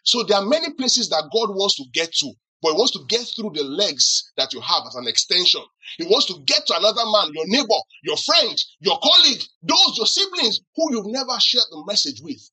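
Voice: mid-range voice, big pitch swings, fairly quick, few pauses, bright, forceful tone, husky, low-quality recording. A pastor preaching a sermon who keeps asking the congregation questions to answer back and teases them with acted-out examples. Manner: teasing humor with acted-out examples.

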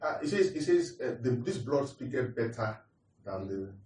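Preacher teaching from a distant mic. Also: male voice, medium pitch, expressive, moderate pace, a little mellow. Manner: repeats points, asks the audience questions. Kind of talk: sermon teaching. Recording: roomy echo, distant mic.

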